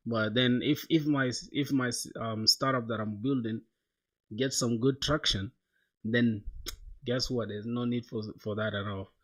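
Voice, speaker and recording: A man's voice: medium pitch, fairly even intonation, a little slow. Slangy young man coding on stream. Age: young adult. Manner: loose, slangy, talks to chat, says bro a lot. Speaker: coding livestreamer. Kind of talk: casual livestream chat while coding.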